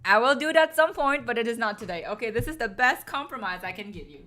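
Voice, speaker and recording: A woman's voice: fairly high pitch, lively intonation, fast talker, sharp tone. A woman chatting casually on a stream, pleading and groaning with exaggerated drama to her viewers. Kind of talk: casual live-stream chat.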